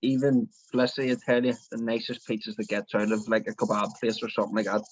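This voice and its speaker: A man's voice: fairly low pitch, flat delivery, quick pace, slightly rough, no echo. A man with a Northern Irish accent, a podcast guest chatting casually and telling stories with frequent laughs. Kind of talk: casual chat. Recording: dull, lo-fi mic.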